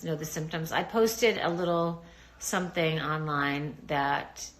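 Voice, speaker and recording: A middle-aged woman talks straight to her viewers on a live stream. Her voice sits a little low, and her delivery is chatty, reassuring and informal. It sounds like it is picked up by a phone or laptop mic. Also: fairly bright tone. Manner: chatty, reassuring, greets commenters. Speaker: livestream host talking to viewers. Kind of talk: casual live-stream chat.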